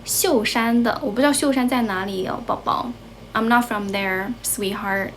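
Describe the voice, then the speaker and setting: Speaking at normal speed in a fairly high, slightly bright voice, a young woman from China hosts a casual bilingual livestream at her grandmother's place. An English teacher with a Chinese accent, she moves back and forth between English and Chinese over slight background noise.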